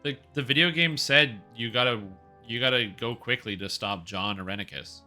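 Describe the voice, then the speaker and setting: A man's voice: medium pitch, normal speed, bright, forceful tone, soft background music. A man streaming a game, chatting casually and rambling through joking asides. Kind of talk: casual chat while playing.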